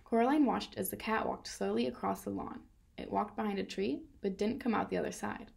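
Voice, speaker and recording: Woman reading a storybook aloud, really gravelly voice, steady. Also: mid-range voice, brisk. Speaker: reader.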